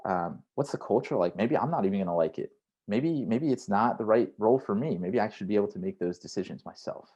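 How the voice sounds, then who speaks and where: Male career coach with a slightly low voice, relaxed and chatty workshop delivery, keeps tagging lines with "right?". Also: brisk, dull audio. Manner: conversational, frequent "right?" tags; acts out inner voices in quotes. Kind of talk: online workshop talk.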